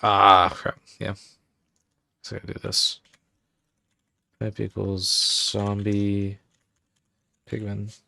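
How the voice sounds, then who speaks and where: A man's voice: on the low side, completely flat delivery, takes it slowly, gravelly, long pauses, pushed and bright, no echo. A man casually talking through his game-building work on a livestream, muttering commands as he types. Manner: mutters commands aloud while typing. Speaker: streamer and game developer.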